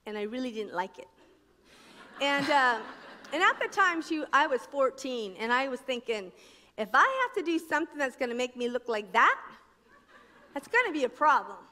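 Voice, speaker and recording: A middle-aged woman from New Jersey speaks on a conference stage, telling her story with bright, crisp energy and playing out each voice she quotes. Her voice sits high, and the hall's long echo hangs behind her words. She talks the way a practiced speaker does at a faith event. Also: big pitch swings, moderate pace. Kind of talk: personal testimony talk. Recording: echoey conference hall.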